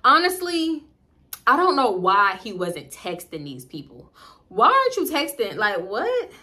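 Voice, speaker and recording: Animated Southern American woman telling a story. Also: unhurried. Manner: animated, acts out quoted dialogue with big pitch jumps; slangy, profane, addresses viewers as y'all. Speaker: storytime vlogger. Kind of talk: casual storytime.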